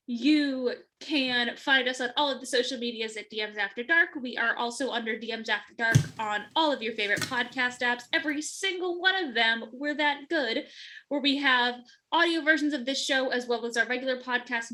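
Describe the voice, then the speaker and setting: A woman's voice: high-pitched, bright, forceful tone. A woman co-hosting a podcast, reading the outro in a playful, joking way. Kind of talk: casual sign-off chat.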